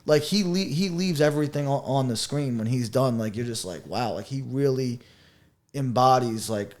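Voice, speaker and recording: A young man hosting a podcast, talking in a casual, slangy, animated way and acting out lines he quotes. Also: mid-range voice, normal speed. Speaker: podcast host.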